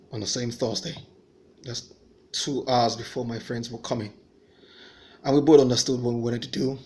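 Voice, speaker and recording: A man giving an earnest personal faith testimony, telling his story and voicing remembered dialogue. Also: medium pitch.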